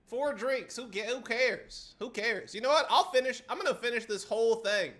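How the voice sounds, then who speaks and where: A man's voice: very high-pitched, normal speed, a bit bright. A young adult man streaming a game live, trash-talking and teasing his chat with a lot of swearing. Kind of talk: live-stream gameplay commentary.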